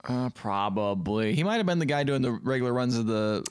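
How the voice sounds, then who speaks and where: A man co-hosting a podcast, casually recapping a movie with jokes and quick acted-out impressions of characters. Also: mid-range voice, expressive, clean tone, no echo. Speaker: podcast co-host.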